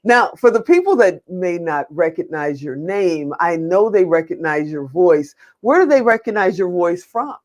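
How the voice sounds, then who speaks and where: A woman's voice: on the low side, animated, moderate pace, few pauses, a little mellow. Female host, effusive and gushing, casual interview chat.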